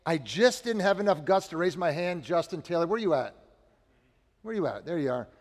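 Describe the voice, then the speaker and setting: A man's voice: a little high, a little fast. A guest preacher from Chicago, a man telling chatty, self-deprecating stories at the start of a sermon in a church. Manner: chatty, self-deprecating storytelling, lively swings in loudness. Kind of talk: sermon opening with personal stories. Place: church sanctuary. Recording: long hall reverb.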